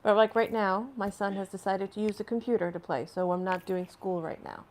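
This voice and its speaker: A woman's voice: medium pitch, fairly even intonation, a little fast, a little mellow, a little hiss or hum. A woman hosting a casual live stream from home, rambling and chatting as she answers viewer comments, laughing often between phrases.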